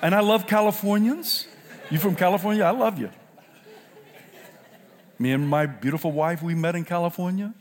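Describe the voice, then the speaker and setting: An older man from South Carolina preaching a sermon, swinging from loud shouted lines to low, quiet asides. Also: normal speed, long pauses, in a large hall. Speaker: pastor.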